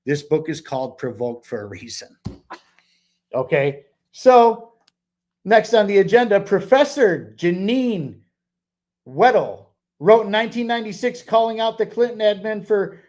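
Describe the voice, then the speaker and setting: A man's voice: high-pitched, lively intonation, measured pace, a little mellow. A man co-hosting a book club podcast, talking in a loose, rambling way with many fillers and restarts. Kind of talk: casual podcast discussion.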